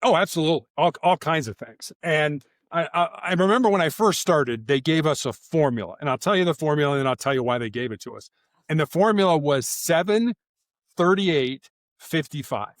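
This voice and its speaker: Animated man telling stories. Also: a little high, brisk, no echo, clean studio sound. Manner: animated, acts out quoted lines in character voices. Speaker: guest, former SWAT officer. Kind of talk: storytelling interview answers.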